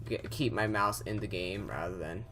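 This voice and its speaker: A man's voice: low-pitched, normal speed, sharp tone, faint music behind. A young man commentating a horror game he is playing, rambling with lots of fillers and restarts, easily startled. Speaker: gameplay commentator.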